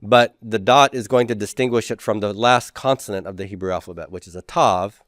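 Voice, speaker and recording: A man's voice: on the low side, a little fast, fairly bright tone, dry recording, clean studio sound. A man teaching a class, drawing out letter sounds and adding joking asides. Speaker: Hebrew teacher. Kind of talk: classroom lecture.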